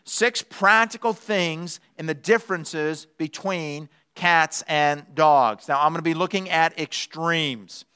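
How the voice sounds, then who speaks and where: Bright, lively preaching man. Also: fairly high pitch, slow pace, few pauses, smooth. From United States. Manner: lively, playful storyteller with shifting pace. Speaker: pastor. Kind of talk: sermon. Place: church.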